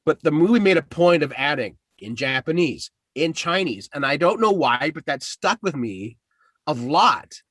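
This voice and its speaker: A man's voice: medium pitch, a bit bright, no echo. Casual rambling man with a dry voice. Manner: loose, profane, rambling with restarts. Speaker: podcast host. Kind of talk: casual chat.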